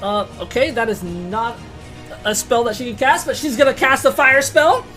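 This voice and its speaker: A woman narrating a tabletop game as game master, excitable, swearing casually and laughing often. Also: on the high side, moderate pace, soft background music.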